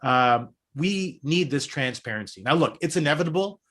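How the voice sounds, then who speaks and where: A man's voice: fairly high pitch, expressive, normal speed, fairly bright tone. A man in his thirties or forties, a co-host on a sports podcast, who talks in an earnest, persuasive way and argues his points at length. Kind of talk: casual sports chat.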